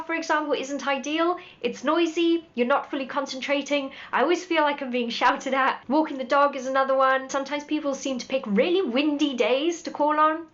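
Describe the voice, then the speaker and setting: A woman's voice: high-pitched, a bit bright. A woman, working as a horse dealer, giving direct, practical advice with dry humour. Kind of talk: scripted advice talk to camera. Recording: dull lo-fi audio.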